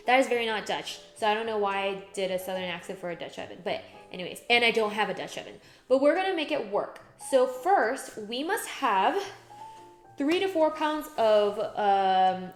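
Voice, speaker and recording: A woman's voice: medium pitch, normal speed, soft background music. A young adult woman streaming as she cooks in her home kitchen, chatting casually and rambling with lots of "like" fillers. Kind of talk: casual chat while cooking.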